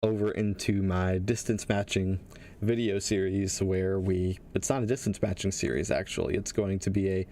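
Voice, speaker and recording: A man teaching game development on a livestream, talking casually and thinking aloud as he works, with frequent pauses and restarts. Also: deep voice, steady tone, warm tone, slight background noise.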